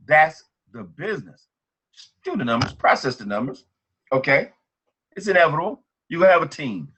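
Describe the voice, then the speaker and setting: A man leading a team training call as a motivational pep talk, energetic and repetitive. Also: fairly high pitch.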